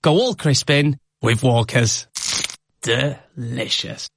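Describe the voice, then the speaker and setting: A voice in a scripted radio advert, speaking slowly in a teasing, savouring way. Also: mid-range voice, sing-song, vocal fry, a bit bright.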